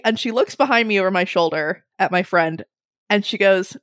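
A young woman telling a funny story in a casual way, animated, laughing often and swearing freely. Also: mid-range voice, fairly quick, no room sound, studio quality.

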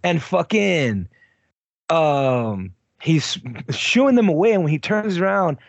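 A male co-host of a casual movie podcast talks bluntly, swearing a lot and saying "like" constantly. His gravelly voice sits on the high side and sounds animated though slow-paced, in a dry recording.

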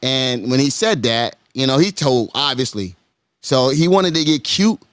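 A podcast guest spins an extended, animated tale for his friends, doubling up words like "hold up, hold up" and jumping way up in pitch to act out the people involved. He takes his time. The mic sits close, the sound is dry, and there's no echo or room around him.

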